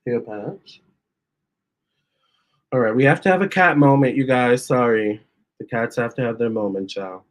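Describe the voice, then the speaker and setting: A man hosting a casual storytime, reading out viewer comments, chatty and animated, often stopping to talk to his cats. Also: medium pitch, normal speed, long pauses. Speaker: tarot reader and channel host.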